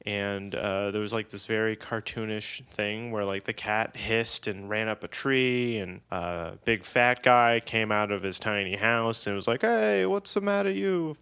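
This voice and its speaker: A man's voice: fairly low pitch, measured pace, few pauses, clean tone. A man co-hosting a podcast, telling a travel story in casual chat, swearing and laughing often. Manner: animated, profane, laughs often. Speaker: podcast co-host.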